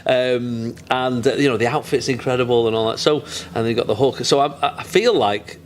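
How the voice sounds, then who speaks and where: A man's voice: medium pitch, normal speed, slight background noise. Man, Mancunian accent, chatty comic guest, rambling and jokey. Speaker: comedian interview guest. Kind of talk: casual chat.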